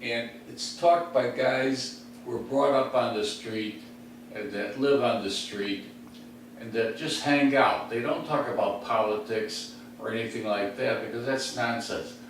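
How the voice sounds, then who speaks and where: A man's voice: mid-range voice, a little slow. A man from the west side of Chicago, hosting a comedy podcast from his recliner at home. He tells rambling street stories with many fillers and chuckles to himself. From west side of Chicago, USA. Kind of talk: rambling comic storytelling. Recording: very echoey room, mic at a distance, faint hum.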